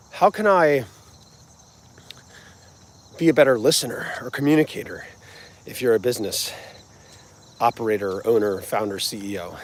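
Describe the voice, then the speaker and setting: A man's voice: mid-range voice, a little hiss or hum. An earnest man with a New Jersey accent speaks in a mid-range voice, wandering off on tangents as he gives a live talk. He is outdoors, with faint crickets and insects in the background. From New Jersey, United States. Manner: rambling, earnest, conversational. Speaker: music channel host. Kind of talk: live-streamed motivational talk.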